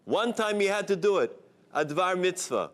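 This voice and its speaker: A rabbi telling a moral tale with a highly animated, swooping delivery. His voice sits a bit high for a man, and he drops Hebrew terms in as he goes. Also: moderate pace. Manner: expressive, sprinkles Hebrew terms. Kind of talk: inspirational storytelling talk.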